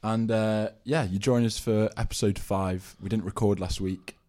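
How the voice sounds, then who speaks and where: Low-voiced young man, dry teasing. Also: fairly even intonation, moderate pace, warm tone. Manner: steering the talk, dry and teasing. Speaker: podcast co-host. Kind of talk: casual chat.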